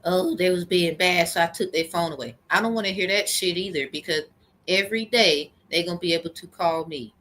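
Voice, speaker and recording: A woman's voice: lowish voice, brisk, fairly bright tone. A woman telling a rambling, profane story in a heated personal rant to camera. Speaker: vlogger.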